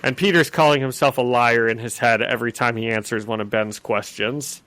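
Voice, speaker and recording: A man's voice: mid-range voice, fairly even intonation, brisk, fairly bright tone, no echo. A man co-hosting a podcast, recapping a comic in casual chat, often laughing and slipping into character voices. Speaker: podcast co-host.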